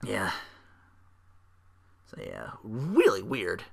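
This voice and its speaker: A man's voice: on the low side, huge pitch swings, extremely slow, gravelly, slightly rough. A man hosting a casual solo podcast. He talks in a rambling, profane way with lots of fillers. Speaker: podcast host.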